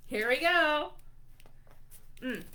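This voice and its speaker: A woman's voice: high voice, lively intonation, extremely slow, bright, forceful tone. A woman librarian reading a silly book aloud to young children, playful, with mock-indignant reactions to the text. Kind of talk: children's storytime read-aloud.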